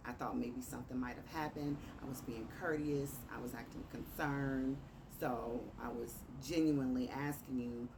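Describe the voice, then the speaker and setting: A woman with a Chicago accent tells a dating story in a low voice, bringing both sides of the texts to life. She sits a little away from the mic, and a steady background noise runs under her talk. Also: recorded from a distance. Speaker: author telling a dating story. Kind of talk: casual storytelling.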